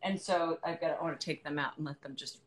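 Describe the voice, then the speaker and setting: A woman chatting casually as a guest on a live video call over a phone, talkative and quick to laugh. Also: low voice, steady tone. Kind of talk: casual live-stream chat.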